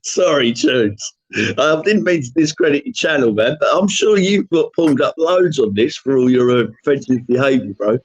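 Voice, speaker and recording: A man's voice: medium pitch, expressive, moderate pace, husky, no echo, highs cut off. A young man from England on a livestream call, easygoing and laughing as he defends himself. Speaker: YouTuber. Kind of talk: casual streaming call banter.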